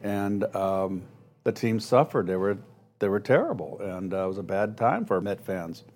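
A low-voiced man in his sixties spins animated stories as an interview guest. He acts out the voices of people he quotes and often breaks into laughter. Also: moderate pace, soft background music. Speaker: guest, former ballplayer. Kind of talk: storytelling interview.

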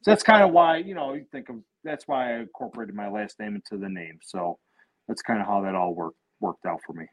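A man's voice: on the low side, animated, brisk, low-quality recording. A man who is a guest on a casual podcast, telling stories in a rambling way and swearing freely.

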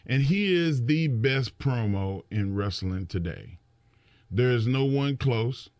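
A middle-aged man talking in a casual chat, his pitch rising and falling a lot as he acts out what others said. He often stumbles and repeats words at the start. The sound is close and dry, with no room echo. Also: slow pace. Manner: animated storyteller, acts out quotes, repeats words. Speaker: wrestling podcast co-host.

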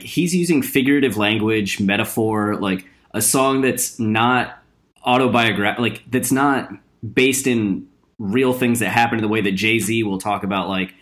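A man's voice: lowish voice, fairly bright tone. A man hosting a casual chat who lays out careful, analytical points and asks long questions.

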